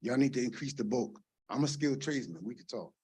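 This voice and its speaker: A middle-aged man speaking at a council meeting's public comment, impassioned and rambling, swinging from quiet to loud at a podium microphone. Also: mid-range voice, animated, quick pace, breathy edge.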